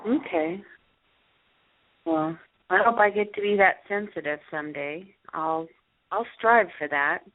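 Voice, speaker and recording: A woman's voice: lowish voice, measured pace, pauses often. A woman from Southern California, calling into a radio show and answering in agreeable, short replies. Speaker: caller. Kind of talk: phone-in conversation. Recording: tinny phone line.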